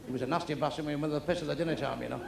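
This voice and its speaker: A man's voice: a little high, very fast, vocal fry. A middle-aged man doing blunt, crude stand-up comedy on a club stage. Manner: blunt, crude, deadpan delivery. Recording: echoey club with crowd noise.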